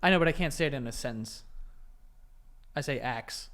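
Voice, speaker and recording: A man's voice: on the high side, a little fast, a bit bright. A man with a New York accent co-hosting a podcast, talking in a laid-back, rambling, joking way. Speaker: podcast co-host. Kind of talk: casual podcast chat.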